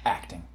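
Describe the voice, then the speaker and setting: A man appearing as a game developer guest on a podcast, chatting casually and rambling with self-deprecating jokes. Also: background noise. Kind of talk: casual chat.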